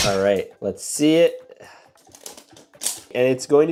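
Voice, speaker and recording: Male vlog host, casual and excitable, very lively pitch. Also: slow pace, pauses often, slight background noise. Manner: chatty and excitable, big pitch jumps. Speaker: LEGO builder and channel host.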